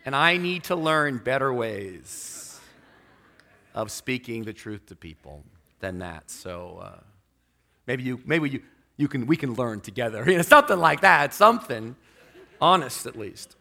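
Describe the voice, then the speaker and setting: A man preaching a sermon to his church, animated in delivery and acting out the people in his stories. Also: medium pitch, measured pace, gravelly. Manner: animated, acts out quoted people in the story. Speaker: pastor.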